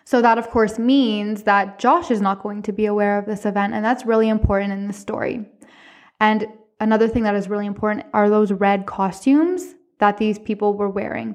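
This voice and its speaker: A woman hosting a podcast, telling a personal ghost story in a chatty, animated way. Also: mid-range voice, moderate pace. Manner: chatty, animated retelling with profanity. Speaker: podcast host. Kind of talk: casual storytelling monologue.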